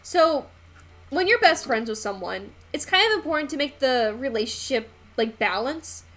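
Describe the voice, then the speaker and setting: Rambling young woman streamer, higher voice. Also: lively intonation, moderate pace, a bit bright. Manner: rambling and chatty, with frequent fillers and swearing. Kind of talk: casual chat while painting on a live stream.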